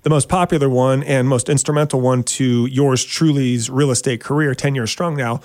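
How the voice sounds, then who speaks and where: Joking radio host, dry studio sound. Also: male voice, moderate pace, dry recording. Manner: joking, self-mocking, animated with sudden pitch jumps. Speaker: radio show host and realtor. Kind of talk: casual radio talk show monologue.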